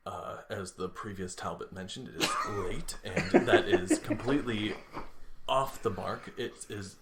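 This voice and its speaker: A man's voice: low-pitched, a little slow, heavy background noise, voice pushed down. A man imitating an overwhelmed, rigidly logical male doctor who rambles in a flustered way.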